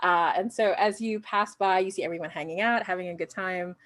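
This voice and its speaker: A woman's voice: fairly low pitch, a little fast, a bit bright, no echo. A woman running a tabletop game, casually describing scenes with many fillers. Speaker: game master.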